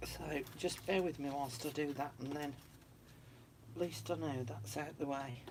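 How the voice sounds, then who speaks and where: A woman's voice: low voice, measured pace, noisy background. A woman chatting casually to viewers on a craft livestream from her room at home. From United Kingdom. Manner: chatty, talks to viewers, frequent laughs.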